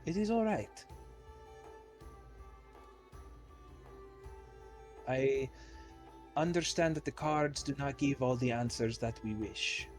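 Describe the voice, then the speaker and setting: Man doing a calm tiefling fortune teller lady, soft-spoken, formal, mid-pitched. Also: normal speed, faint music behind, close to an everyday voice. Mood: apologetic.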